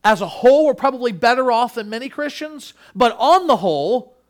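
A male pastor preaching a sermon, earnest, dropping to a hush and then rising to emphatic peaks, acting out the quoted voices. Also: extremely high pitch, lively intonation, a little fast.

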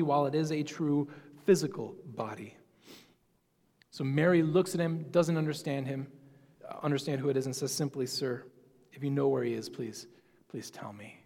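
A pastor giving a sermon, explaining a Bible passage in a conversational, musing way. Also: male voice, medium pitch, darkish tone, slightly rough, big-room sound.

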